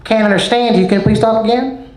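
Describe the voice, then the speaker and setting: An impatient, curt female gas station cashier, put on by a man, pitched up high. She keeps mishearing what is asked and sounds clipped. The voice carries a roomy echo. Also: fairly even intonation, fast talker, darkish tone, close to an everyday voice.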